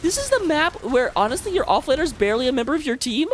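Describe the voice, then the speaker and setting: A woman's voice: high voice, very animated, fast, a little hiss or hum. A woman casting a live online video game match, chatty and self-mocking, laughing easily between plays. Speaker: esports caster.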